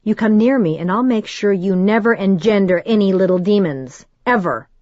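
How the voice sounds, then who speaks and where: A woman voicing a frightened but defiant young witch, swinging from tense whispers to sharp outbursts. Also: mid-range voice, normal speed, dry recording, muffled recording, close to an everyday voice. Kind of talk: audiobook character voice.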